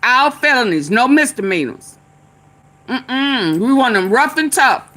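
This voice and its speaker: A woman's voice: high voice, big pitch swings, measured pace, sharp tone. A woman vlogger giving casual, chatty political commentary, laughing often and chanting refrains.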